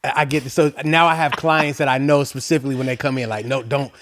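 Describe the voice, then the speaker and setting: A man hosting a podcast, chatting in a relaxed, friendly way and using casual slang. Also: on the high side, fast, no echo, clean studio sound. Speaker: podcast host. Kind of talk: casual interview chat.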